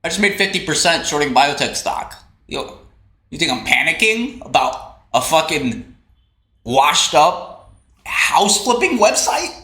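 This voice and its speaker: A man's voice: medium pitch, big pitch swings, measured pace, long pauses, pushed and bright. A man hosting a casual livestream, ranting in a brash, profane, mocking way. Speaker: livestream host. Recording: roomy echo, faint typing.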